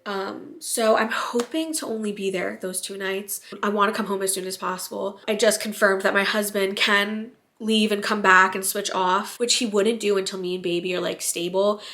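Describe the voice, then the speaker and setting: A woman's voice: medium pitch, little pitch movement, normal speed, hardly any pauses, pushed and bright. Young woman vlogger, late pregnancy, tired, casual and filler-heavy talk to camera. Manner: chatty, rambling, filler-heavy with frequent "like".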